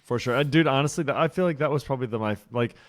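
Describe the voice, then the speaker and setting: A man's voice: mid-range voice, racing. A man co-hosting a podcast in casual chat, upbeat and chatty, laughing easily. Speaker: podcast co-host.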